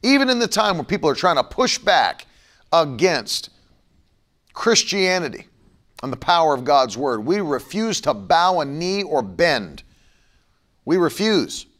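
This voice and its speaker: A man's voice: on the high side, big pitch swings, measured pace, fairly bright tone. A middle-aged man preaching a broadcast sermon and leading a prayer, emphatic and fervent, now and then mocking his critics.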